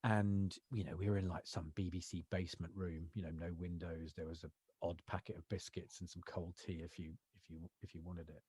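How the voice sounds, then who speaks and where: A man's voice: low-pitched, level tone, brisk, few pauses, a little mellow, slightly rough, no echo, studio quality. A man, an actor telling rambling anecdotes as a podcast guest. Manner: rambling anecdotal storytelling, lots of fillers. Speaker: actor and voiceover artist, guest. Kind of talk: casual interview chat.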